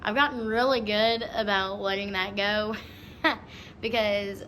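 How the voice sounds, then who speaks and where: A young woman in her twenties chats on a casual vlog, giggly and full of fillers like "like" and "um." Her medium-pitched voice is fairly bright and fairly even in intonation, her pace unhurried, with a little hiss or hum on the recording.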